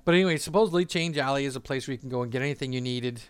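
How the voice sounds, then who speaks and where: A man's voice: medium pitch, racing, clear, resonant tone, no echo. Chuckling man rambling through a memory. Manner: rambling, laughs often, many fillers and restarts. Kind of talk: casual storytelling monologue.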